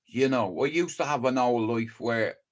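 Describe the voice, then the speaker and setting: Older Dublin man, livestream monologue, blunt and profane, stammering restarts, mid pitch. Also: normal speed. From Ireland.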